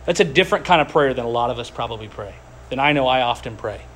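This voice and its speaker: A man preaching a sermon as pastor, earnest, slowing down to stress key words, speaking to a group seated at tables. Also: medium pitch, animated, a bit bright, a little hiss or hum. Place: room with tables, group gathering.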